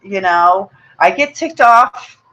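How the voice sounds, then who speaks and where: A woman's voice: medium pitch, animated, takes it slowly, a bit bright, rough recording. A woman hosting a motivational webinar, talking in an earnest, personal way, often repeating words and checking in with "okay?". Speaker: webinar host.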